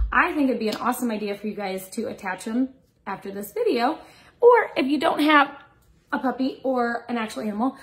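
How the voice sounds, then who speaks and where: A woman in her thirties, a preschool teacher reading a picture book aloud to young children in a warm storytime voice. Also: mid-range voice, rough recording. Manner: warm sing-song storytime voice, barking the dog parts.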